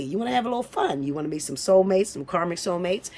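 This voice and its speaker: A woman giving a casual tarot reading to camera. She talks bluntly and swears a lot, with a teasing tone that swings from low mutters to high, loud bursts. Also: sing-song, fast, slightly rough. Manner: blunt, profane and teasing, breaks into laughs. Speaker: tarot reader.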